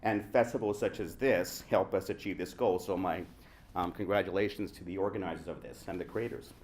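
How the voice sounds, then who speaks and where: An actor from the Indian subcontinent gives a prepared speech on a festival panel to a room with a live audience, reflective and pressing his points through rhetorical questions. His voice is low and a little fast, over a noisy background.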